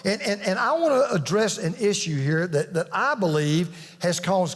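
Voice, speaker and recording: A man's voice: high-pitched, very animated, normal speed, hardly any pauses. A man preaching a sermon as pastor, telling stories earnestly and pressing his points with emphatic repetition. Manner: earnest storytelling, emphatic with restarts. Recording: long reverb of a large hall.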